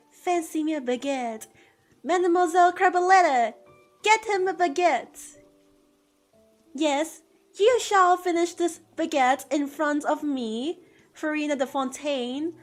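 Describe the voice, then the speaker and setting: A woman voicing a pompous, theatrical young noblewoman judge with mock-French grandeur, issuing drawn-out decrees. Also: medium pitch, fairly even intonation, faint music behind, close to an everyday voice. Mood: grandly imperious.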